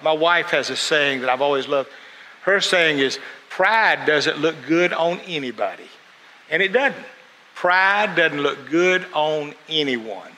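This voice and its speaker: Preaching a sermon, this man tells stories and performs the voices of the people he quotes. His voice runs on the high side, pushed and bright. The recording has a long hall reverb and faint noise.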